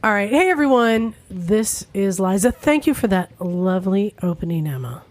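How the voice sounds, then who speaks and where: A woman hosting a casual group podcast, introducing her co-hosts with a teasing, brisk manner. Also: mid-range voice, very animated. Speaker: podcast host.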